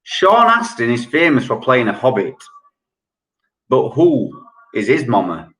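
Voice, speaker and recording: Guy running a lockdown quiz, slow and chatty, roomy echo. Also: mid-range voice, wildly swooping pitch, a bit bright. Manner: chatty, joking, reads questions slowly and repeats them. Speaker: quiz host. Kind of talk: online pub quiz hosting. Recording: echoey room.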